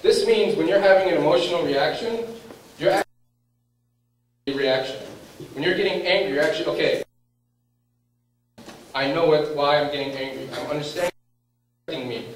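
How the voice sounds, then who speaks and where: Male lecturer, fairly high voice, questions his audience, voices inner thoughts, distant mic. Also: normal speed, pauses often. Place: lecture room. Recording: very echoey room, voice far from mic, faint background noise.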